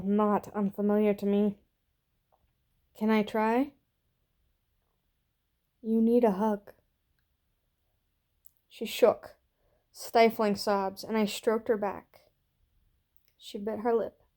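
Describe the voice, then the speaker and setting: A woman reading a story aloud in a slow, soft, gentle voice that sometimes drops to a hush. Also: medium pitch. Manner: slow, soft and gentle, dropping to hushed whispers. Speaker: reader.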